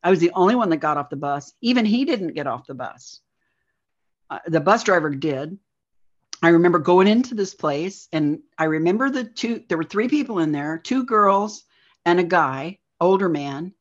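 A woman's voice: on the low side, animated. Woman telling her story over dull lo-fi audio. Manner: halting storytelling with frequent "like". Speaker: guest. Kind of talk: recounting a personal experience.

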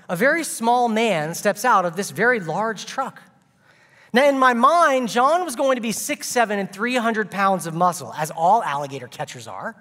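A man's voice: high voice, bright, forceful tone, big-room sound. A man preaching a sermon as a guest speaker, telling a funny story with playful asides and comic timing.

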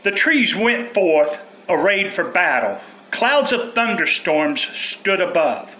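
Guy giving a prophetic word, high bright voice, solemn chanting repeats. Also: big pitch swings, slow pace. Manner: solemn, chanting repetition of declarations. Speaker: prophetic speaker.

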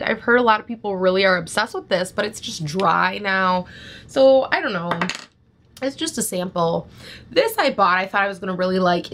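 A woman's voice: mid-range voice, a bit bright, slight background noise. A young woman in a casual beauty vlog, chatting bluntly about makeup she is throwing out and filling her talk with "like". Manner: blunt, chatty, rambling with many "like"s. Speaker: beauty vlogger. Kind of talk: casual product review chat.

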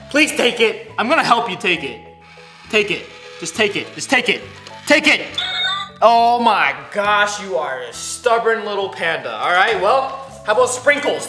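A man hosting a playful toy unboxing vlog, teasing and pleading with a toy in an animated way. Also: high-pitched. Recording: echoey room with background music.

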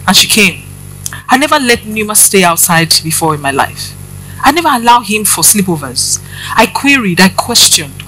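A woman's voice: mid-range voice, expressive, normal speed, sharp tone, slightly rough, faint music behind, rough recording. A woman preaching, giving a personal testimony and addressing the congregation directly with questions.

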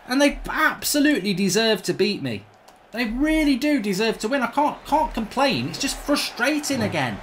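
A man's voice: very high-pitched, big pitch swings, normal speed, a little hiss or hum. A middle-aged man commentating his football video game as a host, exasperated and swearing as he groans at his team. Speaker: gaming channel host. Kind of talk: live gameplay commentary.

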